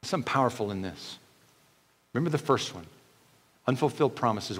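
A man preaching a sermon, retelling scripture in lively everyday paraphrase and voicing the characters. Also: mid-range voice, brisk, long pauses, breathy edge, in a large hall. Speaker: pastor.

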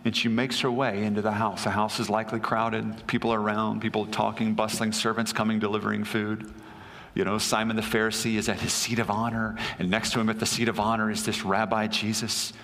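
A man's voice: lowish voice, level tone, brisk, fairly bright tone, big-room sound. A male pastor preaching a sermon, telling a story conversationally with asides to the congregation.

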